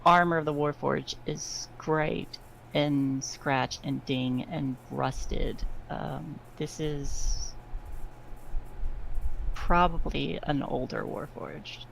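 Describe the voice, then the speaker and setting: A woman narrating a tabletop game as game master, in a halting way with many fillers. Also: deep voice, fairly even intonation, gravelly, slight background noise, low-quality recording.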